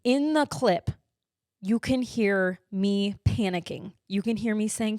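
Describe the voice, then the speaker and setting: A woman hosting a podcast, telling a personal story in an emotional, animated way with many fillers. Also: medium pitch, a little slow, dry recording, clean studio sound. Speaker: podcast host.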